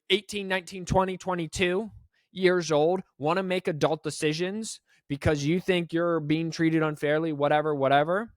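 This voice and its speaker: A man's voice: on the high side, a bit bright, no room sound, studio quality. A man hosting a sports podcast, giving emphatic, rambling opinions with frequent restarts. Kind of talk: opinionated solo sports talk.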